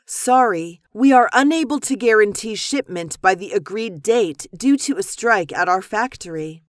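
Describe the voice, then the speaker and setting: Woman, lesson dialogue reader, measured and crisp, mid pitch, dry close recording. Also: dry recording. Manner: measured, even, clearly articulated reading. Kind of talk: scripted business dialogue reading.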